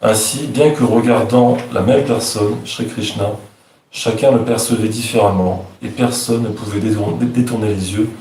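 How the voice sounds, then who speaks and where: A man's voice: on the low side, fairly even intonation, normal speed, a little mellow, a little hiss or hum. A man with a French accent carefully reading scripture verses aloud as a translator. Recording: echoey room, distant mic.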